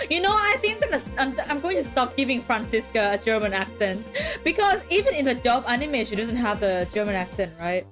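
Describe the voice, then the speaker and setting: A woman's voice: on the high side, big pitch swings, a little fast, a bit bright, soft background music. Giggly young woman streamer. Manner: giggly, chatty asides. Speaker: VTuber streamer. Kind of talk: casual gameplay commentary.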